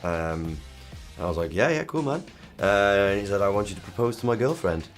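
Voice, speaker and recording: A man's voice: lowish voice, lively intonation, fairly quick, faint music behind. A man in an interview telling a story about a fan, incredulous, acting out what each person said. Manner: incredulous, acts out the dialogue. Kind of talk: anecdote told in an interview.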